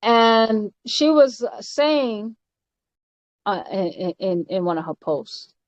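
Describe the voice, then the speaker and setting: A woman's voice: medium pitch, animated, no room sound. Emphatic woman teaching, dull dry recording. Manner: emphatic, often ends points with "all right?"; halting, with frequent fillers and repeated words. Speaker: spiritual teacher. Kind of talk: informal doctrinal teaching.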